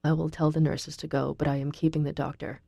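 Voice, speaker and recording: Woman doing a hoarse, growling young man. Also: steady tone, normal speed, no echo, exaggerated voice. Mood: hushed. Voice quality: hoarse, low near-growl. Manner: hushed and tense. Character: young man, tense, exhausted, brooding.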